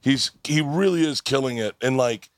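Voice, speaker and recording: A man hosting a casual comedy podcast recorded live at a festival, telling animated stories and swearing freely. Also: mid-range voice, normal speed, no room sound, clean studio sound. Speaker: podcast host.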